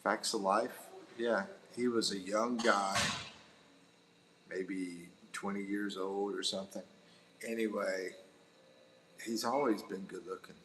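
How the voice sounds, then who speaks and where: A man's voice: on the low side, fairly even intonation, slow, long pauses, background noise. A middle-aged man hosting a casual livestream indoors by a window, rambling and chuckling as he chats. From United States. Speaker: livestream host. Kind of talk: casual live-stream chat.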